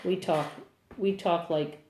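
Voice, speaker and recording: A woman's voice: fairly low pitch, steady tone, slow, a little mellow, a little hiss or hum. A middle-aged woman with a New Jersey accent, chatting casually as she answers viewers on a phone live stream. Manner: chatty, rambling, upbeat. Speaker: singer-songwriter live-streaming. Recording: roomy echo on a phone mic.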